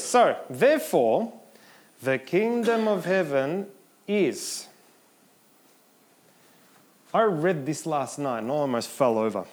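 A man's voice: on the high side, a little mellow. A man preaching a sermon, moving between conversational asides and emphatic scripture reading.

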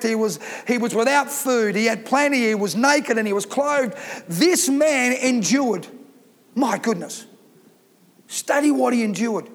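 A man with a strikingly high voice preaches a sermon with emphatic conviction, reading scripture aloud and driving his points home. His voice rings out with a long reverb, as if filling a large church hall. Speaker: pastor.

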